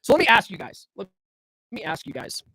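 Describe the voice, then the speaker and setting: A man's voice: high voice, wildly swooping pitch, fairly quick, pushed and bright, no room sound, studio quality. Blunt, profane man talking to listeners. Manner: blunt and profane, keeps asking "right?"; rhetorical, challenges listeners directly. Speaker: podcast host. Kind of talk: casual solo talk on dating and self-improvement.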